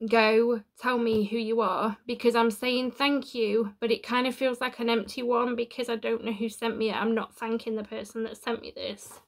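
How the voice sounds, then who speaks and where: A woman's voice: a little high, flat delivery, normal speed, hardly any pauses. A woman chatting through a home unboxing vlog, emotional and tearful, laughing at herself. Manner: chatty, self-deprecating, emotional. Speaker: YouTuber. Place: home room.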